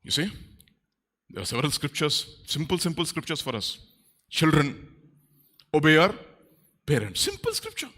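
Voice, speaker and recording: A male pastor preaches in a church, his fairly high voice leaping up and down with lively swings. He sounds bright and sharp, and he acts out quoted speakers in playful voices. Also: moderate pace, pauses often. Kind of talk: sermon.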